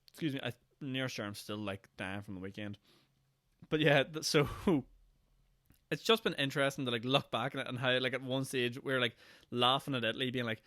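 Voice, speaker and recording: A man's voice: medium pitch, lively intonation, normal speed, long pauses, fairly bright tone, no echo, studio quality. A man in his twenties with a Northern Irish accent, hosting a solo podcast in a rambling, sarcastic way and acting out mock quotes. He sounds tired. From Northern Ireland. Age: 20s. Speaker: podcast host. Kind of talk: casual solo podcast monologue.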